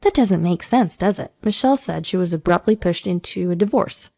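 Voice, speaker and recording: A woman's voice: lowish voice, animated, a little fast, creaky, dark tone. A woman voicing a composed young woman who questions politely but pointedly. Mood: probing.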